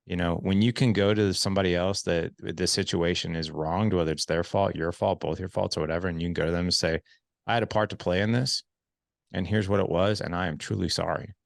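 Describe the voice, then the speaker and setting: A podcast host in his forties talks earnestly and reflectively, stumbling over and repeating words as his thoughts form. His voice sits very low with a gravelly, fry-edged texture. The sound is close and dry, with almost no room around it. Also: steady tone, a little fast, no echo. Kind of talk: podcast conversation.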